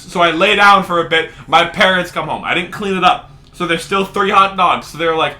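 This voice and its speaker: A man's voice: high voice, fairly quick, hardly any pauses, pushed and bright. A young man co-hosting a casual podcast, rambling and swearing as he tells stories, often laughing through them. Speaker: podcast co-host.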